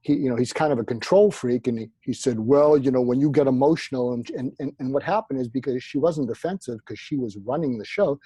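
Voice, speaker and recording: Man, guest expert, lively storyteller, mellow husky voice, dry close sound. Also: mid-range voice, fast, few pauses, no echo. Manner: animated anecdotal storyteller, acts out quotes. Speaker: psychiatrist guest. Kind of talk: storytelling interview answers.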